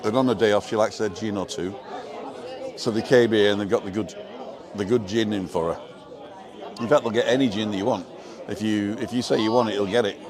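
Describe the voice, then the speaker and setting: A man's voice: fairly low pitch, a little fast, long pauses. An older man hosting a casual live stream from an outdoor bar terrace, rambling and joking as he reads viewer comments. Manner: chatty, rambling, jokey. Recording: outdoor crowd noise behind. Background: crowd chatter.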